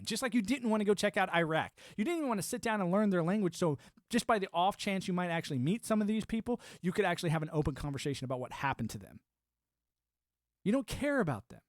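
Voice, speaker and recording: Speaking in a voice on the high side, a livestream host rants sarcastically about politics, rambling and mimicking others' opinions in mocking quotes. The recording is dry and of studio quality.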